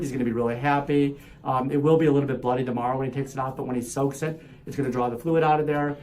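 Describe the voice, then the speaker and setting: A man working as a foot doctor, narrating a procedure as he does it in a clinic treatment room. He talks in a calm, explanatory way and jokes with his patient. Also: mid-range voice, fast talker, a little hiss or hum.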